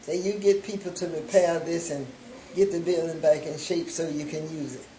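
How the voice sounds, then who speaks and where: Low-pitched, warm and steady, an older woman's voice carries her testimony of faith as a charity founder. Unhurried, she acts out both sides of remembered exchanges, leaning heavily on "I said" and "he said." The audio has a little hiss or hum and a roomy echo.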